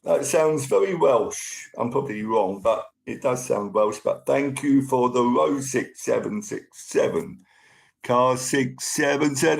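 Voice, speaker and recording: A man with a gravelly, rough edge to his voice, hosting a relaxed live stream. He chats easily and greets viewers by name as they arrive. His pitch sits in a typical middle range. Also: moderate pace, poor audio. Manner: chatty, thanks viewers by name as they join. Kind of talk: casual live stream chat.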